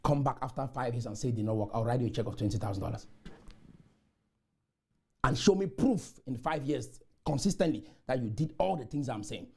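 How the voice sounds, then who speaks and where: A man from Cameroon, giving a motivational conference speech full of repeated chants that burst into shouts. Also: mid-range voice, animated, a little fast, gravelly, slightly rough. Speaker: motivational speaker. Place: conference room.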